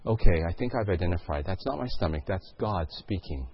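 A man's voice: sits low, expressive, fairly quick, breathy edge, dull audio. A male pastor delivering a sermon, telling a story and asking the congregation questions.

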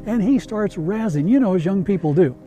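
A man hosting a talk show, telling a story in casual chat with animated, emphatic repetition that builds suspense. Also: high voice, brisk, over music. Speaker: radio show host.

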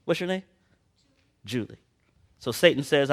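This sermon swings between hushed personal anecdotes and loud, fervent passages, with scripture read in old-fashioned language. The preacher's medium-pitched voice has lively intonation and a normal pace.

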